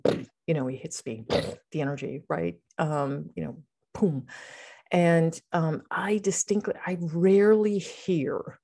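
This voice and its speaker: A woman's voice: low-pitched, dark tone. A middle-aged woman co-hosting a podcast, talking casually and rambling with lots of fillers and restarts. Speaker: psychic podcast co-host. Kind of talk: casual chat.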